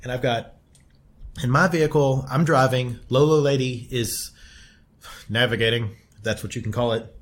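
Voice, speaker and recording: A man's voice: mid-range voice, fairly even intonation, normal speed, pauses often. A man co-hosting a podcast, telling a story in casual chat and laughing often. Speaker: podcast co-host.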